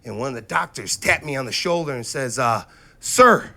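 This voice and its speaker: A man in his thirties doing a profane stand-up comedy set, swinging between loud outbursts and low, muttered asides. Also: animated, quick pace, gravelly. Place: comedy stage before a live audience.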